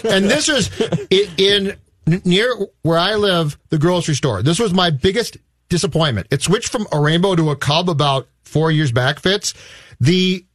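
A man's voice: high-pitched, animated, normal speed, a bit bright, no echo. A man talking in a casual, blunt and emphatic way on a radio show. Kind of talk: casual chat.

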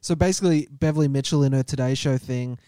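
A man co-hosting a podcast, dropping teasing, deadpan quips. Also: mid-range voice, quick pace. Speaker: podcast co-host. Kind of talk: casual podcast chat.

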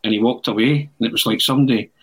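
A middle-aged Scottish man tells a long football story on a podcast. His voice sits at an ordinary middle pitch, and he acts out the quotes with sudden loud bursts. The delivery is chatty and animated. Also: racing, husky, poor audio. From Scotland. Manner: animated anecdote-teller who acts out quotes with loud shouts. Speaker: podcast guest. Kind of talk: casual storytelling chat.

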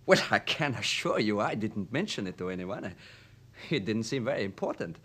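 A man's voice: on the low side, very animated, a little fast, fairly bright tone, breathy edge, full character voice. An actor playing a hesitant, stammering young man in a radio drama. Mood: nervous. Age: young adult. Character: nervous young male student, evasive and eager.

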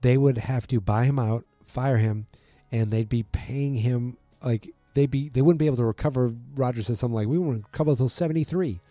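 A man talks through a TV episode in a relaxed, chatty way, slipping into little voices for each character. His tone is very dark and mellow, recorded dry and close. Faint music sits underneath. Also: mid-range voice, no room sound. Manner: chatty, acts out characters' lines with quick voice shifts. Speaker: show recapper. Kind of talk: casual recap of a TV episode.

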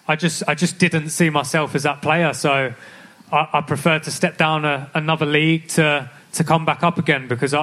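A young adult man, a professional footballer, answers candidly on a live podcast stage at a club, his voice on the high side with a fairly bright tone. He's reflective and often restarts his sentences.

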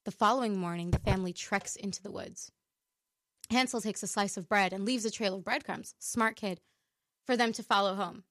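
A woman's voice: medium pitch, moderate pace, a bit bright, no room sound, clean studio sound. A woman co-hosting a radio show, chatting playfully with a laugh and reading a story aloud. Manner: giggly, playful. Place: radio studio.

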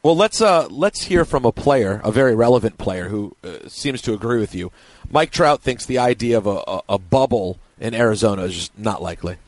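A man's voice: fairly low pitch, animated, brisk, no echo. A man hosting a sports radio show, playful and jokey, teasing his co-hosts in casual banter. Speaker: radio sports talk host. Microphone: studio mic through a mixer.

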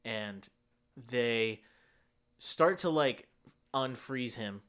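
A man's voice: medium pitch, expressive, drawn-out words, a bit bright, clear, resonant tone. A man co-hosting a casual podcast, rambling through a summary with lots of fillers. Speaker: podcast co-host. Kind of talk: casual chat.

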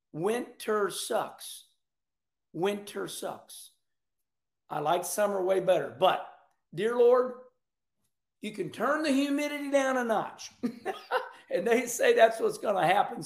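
A middle-aged man hosts a casual racing talk show, animated and folksy with loud outbursts. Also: very high voice, vocal fry. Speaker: show host. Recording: echoey room.

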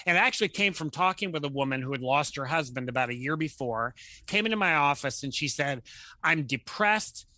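A man's voice: a little high, quick pace, dry recording. A man talking as a guest counselor, telling stories in conversation and acting out the voices of the people he quotes. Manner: animated storyteller who acts out quoted voices. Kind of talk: conversational storytelling.

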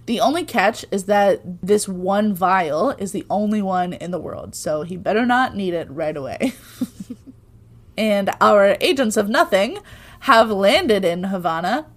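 A woman co-hosting a podcast, recapping an episode in a casual, chatty way with irreverent asides and frequent laughs. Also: medium pitch. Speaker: podcast co-host.

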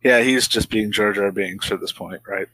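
A man's voice: on the low side, moderate pace, a bit bright, breathy edge, low-quality recording. A man co-hosting a podcast, adding dry wisecracks and reading trivia aloud. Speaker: podcast co-host. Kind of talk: casual movie chat.

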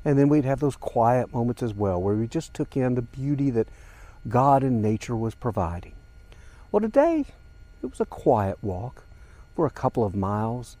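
A man's voice: medium pitch, big pitch swings, moderate pace, mellow, no echo. An older man hosting a podcast, talking earnestly and emotionally straight to his listeners in a personal, reflective monologue. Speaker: podcast host.

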